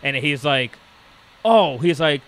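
Speaking a little fast in a mid-range voice, this podcast co-host casually relates a story. He's animated, performing the voices of the people involved.

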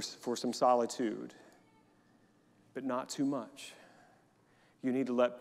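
A man preaching a sermon to his congregation, leading them in call-and-response. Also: a little high. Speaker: pastor. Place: church sanctuary during a service. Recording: long hall reverb in a church.

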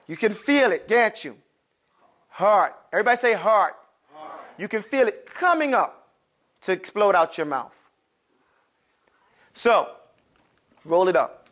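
Man, high voice, classroom teacher, lively questions, slangy asides. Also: a little slow, long pauses. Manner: lively, calls on students, asks and answers his own questions; casual street slang asides. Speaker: Arabic teacher. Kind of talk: classroom lesson.

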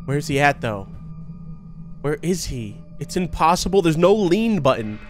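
A young man giving excitable, laughing commentary while playing a horror video game. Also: a little high, a little slow, music in the background. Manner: excitable, laughing, talks to himself and the viewers. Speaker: gaming YouTuber.

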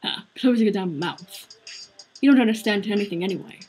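A woman's voice: medium pitch, normal speed, a little mellow, faint music behind, lightly acted. Field: figure. Value: woman doing a sneering British gym teacher. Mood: scornful. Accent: put-on British. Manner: scolding, contemptuous. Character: brash British male gym teacher, scornful bully.

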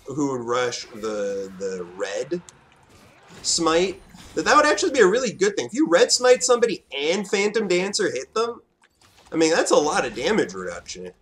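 A man talks through his own match in a casual, excitable way. His voice sits a little high and leaps around in pitch. He drops to mutters, then bursts into shouts. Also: moderate pace, slight background noise. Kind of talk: casual gameplay commentary.

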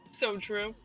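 An excitable, bubbly woman, a guest player, chatting and laughing over voice chat. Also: rough recording. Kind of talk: casual chat while gaming.

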